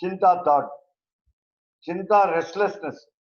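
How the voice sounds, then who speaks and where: A man teaching a verse-by-verse scripture class, speaking haltingly with many pauses and fillers. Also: sits high. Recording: roomy, dull lo-fi recording.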